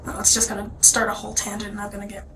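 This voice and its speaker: A woman's voice: medium pitch, monotone, rapid-fire. Tired young woman mumbling answers in an interview room, kinda far off mic, hissy background. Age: young adult. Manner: soft, hesitant, trailing off into near-whispers. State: exhausted. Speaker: suspect being questioned. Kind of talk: police interview. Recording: distant, noisy interview-room recording.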